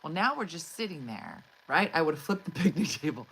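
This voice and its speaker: A middle-aged woman, a comedian, telling an exasperated, animated story to her livestream audience and acting out the quotes. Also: medium pitch, moderate pace, hardly any pauses, breathy edge, low-quality recording. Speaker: comedian host. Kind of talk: storytelling monologue.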